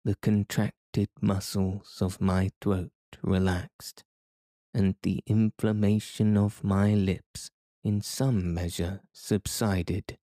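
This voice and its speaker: With a lowish voice, a man gives scripted audiobook narration in an even, measured way. It's a dry, studio-quality recording.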